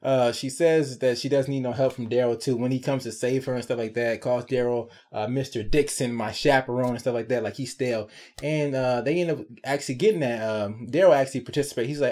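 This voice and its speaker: A man giving a casual, sarcastic recap and review of a TV episode, chatty and animated, tagging his points with quick check-ins to the viewer. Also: mid-range voice. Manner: chatty, animated, sarcastic asides with frequent tag questions.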